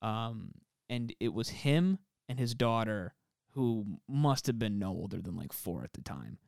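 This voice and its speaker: A young man rambles through casual podcast chat, stacking fillers and swearing freely. His voice is smooth and resonant, recorded close and dry. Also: lowish voice, expressive, a little slow, a little mellow, dry recording. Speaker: podcast co-host.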